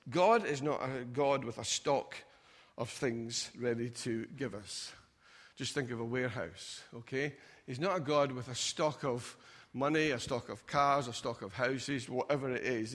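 A man's voice: mid-range voice, a bit bright. A man preaching a sermon in a church, conversational, acting out doubters in mocking asides. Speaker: pastor. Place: church auditorium. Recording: long hall reverb.

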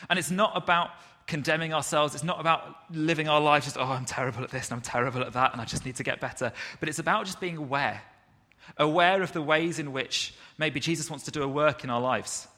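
A man preaches in a church hall, his bright, forceful voice sitting a little high for a man. He talks in an easy, conversational way, slipping in self-deprecating asides. The long reverb of the hall trails after each phrase. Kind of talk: sermon.

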